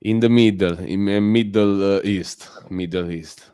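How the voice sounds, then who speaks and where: A man's voice: sits low, a little slow, dark tone, clear, resonant tone, dry recording, studio quality. A man from Italy speaking English with an Italian accent, chatting casually on a stream with many fillers and restarts. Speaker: guest caller on a community stream. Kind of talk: casual chat.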